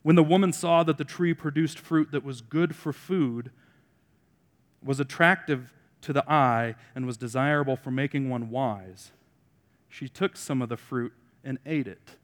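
A man preaching to his congregation, throwing in wry jokes between points. His voice swings from loud emphatic lines to quiet asides, sitting at an ordinary middle pitch. The sound carries a long reverb from the hall. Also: a little slow. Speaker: pastor. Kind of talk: sermon.

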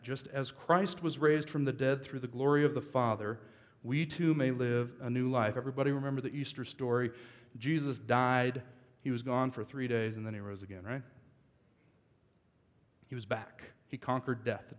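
A man, a pastor, giving a joking, conversational sermon at a church service, with sudden loud bursts of emphasis. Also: mid-range voice. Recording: long reverb of a large hall.

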